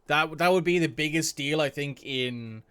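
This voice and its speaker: Gaming streamer, male, bright crisp voice, chatty think-aloud delivery, dry close mic. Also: fairly high pitch, normal speed, dry recording. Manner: chatty, thinks aloud, reacts to match play. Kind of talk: casual let's-play commentary.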